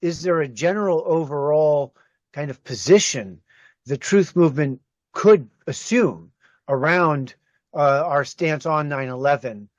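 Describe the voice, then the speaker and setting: A man moderating a group discussion, asking questions in a measured way. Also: medium pitch, no room sound, highs cut off.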